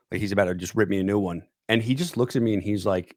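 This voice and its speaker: A man's voice: lowish voice, racing, few pauses, dry recording, studio quality. A young man guesting on a podcast, telling a rambling story and leaning on "like" and "dude". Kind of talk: casual storytelling chat. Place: podcast studio.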